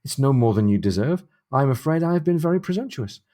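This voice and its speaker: A man's voice: mid-range voice, expressive, fast talker, mellow, voice pushed up, natural voice. A man reading aloud as a hearty male naval captain who blurts out exclamations and then turns abashed. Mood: flustered. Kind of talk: reading a novel passage aloud.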